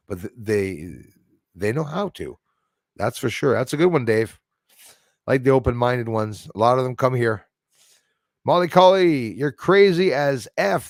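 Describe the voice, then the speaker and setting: A man with a lowish voice hosts a live stream in a dry, clean studio recording. He reads viewer comments aloud and rambles in loose, casual chat, laughing often and trailing off mid-thought.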